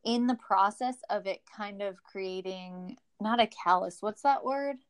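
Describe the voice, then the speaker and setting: A woman with a Minnesota accent, chatting as a podcast guest at a middle pitch. She explains things at length in a loose, talkative way. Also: measured pace, clean tone. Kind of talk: casual chat.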